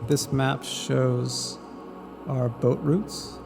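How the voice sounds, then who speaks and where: A man narrating a travel vlog in a relaxed, friendly way, speaking straight to viewers. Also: mid-range voice, drawn-out words, gravelly, over music.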